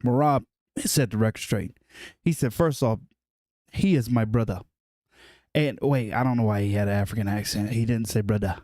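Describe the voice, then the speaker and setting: A man co-hosting a podcast in casual sports chat, animated and joking with plenty of slang. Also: fairly low pitch, fairly quick, dry recording, clean studio sound. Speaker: podcast co-host.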